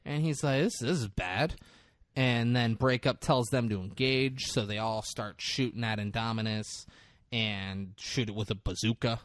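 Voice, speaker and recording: A man's voice: mid-range voice, unhurried, no echo. A young man co-hosting a podcast, recapping a movie in casual chat, acting out lines with lots of swearing and laughter. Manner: animated storytelling, acts out lines, swears, laughs. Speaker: podcast co-host.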